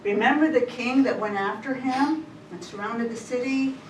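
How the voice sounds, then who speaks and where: A woman's voice: a little high, moderate pace. Chatty woman teaching scripture, roomy hall. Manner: chatty, retells scripture in everyday words. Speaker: women's Bible study teacher. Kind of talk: informal Bible teaching. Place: church meeting room. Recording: roomy hall, distant mic, faint hiss.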